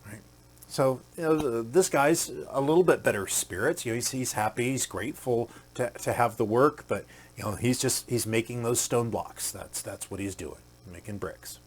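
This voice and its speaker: A man's voice: medium pitch, moderate pace, a little hiss or hum. A man hosting a podcast, telling a motivational story in a conversational way with many fillers and acting out the quoted characters. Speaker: podcast host.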